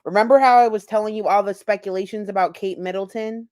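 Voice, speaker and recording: A woman's voice: medium pitch, steady tone, fast talker, darkish tone. A woman giving casual, profane, gossipy commentary over video clips. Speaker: commentary YouTuber.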